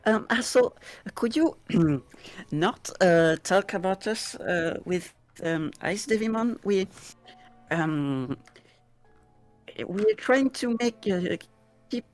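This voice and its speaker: A woman's voice: mid-range voice, animated, slow, pauses often, faint music behind. A woman playing a tabletop game, talking hesitantly with many fillers. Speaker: player. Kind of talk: tabletop role-play.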